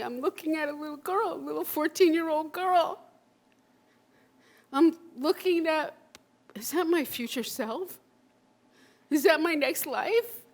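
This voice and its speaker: Slow, intense older woman in stage monologue. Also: high-pitched. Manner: raw and emotional, halting repetitions and swearing. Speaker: solo stage performer. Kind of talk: autobiographical one-person stage monologue. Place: live performance at a community center.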